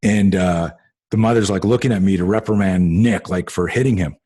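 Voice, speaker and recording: Low husky guy hosting a self defense show, tells stories and does the voices, lots of ums. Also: moderate pace. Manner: animated, acts out quoted voices, many fillers. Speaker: host and self-defense coach. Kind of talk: conversational storytelling.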